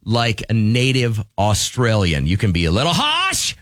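A man hosting a morning radio show, joking around and pitching a call-in contest. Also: wildly swooping pitch, measured pace, a bit bright, dry recording, studio quality, soft background music. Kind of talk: casual radio banter. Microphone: studio microphone.

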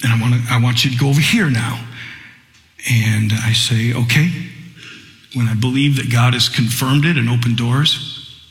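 A man's voice: medium pitch, moderate pace, pauses often. Impassioned male pastor in an echoey hall. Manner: impassioned, swinging from quiet to shouting. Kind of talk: sermon.

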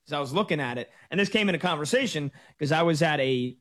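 A man in his thirties hosting a sports talk radio show, chatting casually and telling stories in an animated way. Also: on the high side, quick pace, dry recording. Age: 30s.

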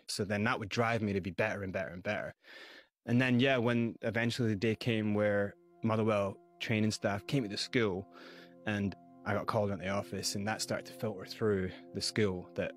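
A man with a Scottish accent, a radio interview guest telling his life story in a vivid, animated way. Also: on the low side, moderate pace, soft background music. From Scotland and South Africa.

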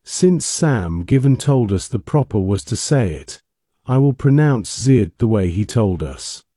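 A man's voice: lowish voice, big pitch swings, measured pace, mellow, no echo. A man chatting on a talk radio show, making dry, matter-of-fact quips. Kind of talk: casual talk radio chat.

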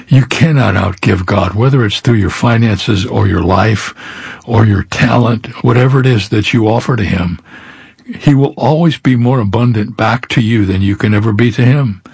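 A man with a low, gravelly voice speaks in a relaxed, personal way to listeners. His closing remarks sit on top of a clearly audible music bed. The tone is conversational rather than preached. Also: no room sound. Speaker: radio preacher. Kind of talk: closing remarks to a radio audience. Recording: studio voice over loud music bed.

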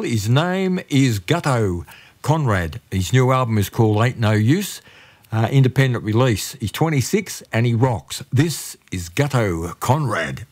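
A middle-aged man presenting a music radio show in a chatty, laid-back way, pausing often with "uh". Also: on the low side, a little mellow, breathy edge.

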